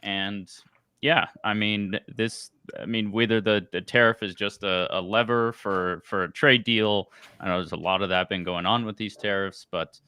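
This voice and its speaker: Deep, bright-toned man, enthusiastic co-host. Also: steady tone, smooth, dry recording, clean studio sound. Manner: enthusiastic, halting with restarts. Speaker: podcast co-host. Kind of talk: casual panel discussion.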